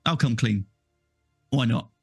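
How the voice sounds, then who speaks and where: A man doing a creaky, menacing old village elder who confesses his dark bargain with slow, gloating scorn. He talks down to his listeners. The voice sits dry and close, with soft music underneath. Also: mid-range voice, no room sound, heavily acted.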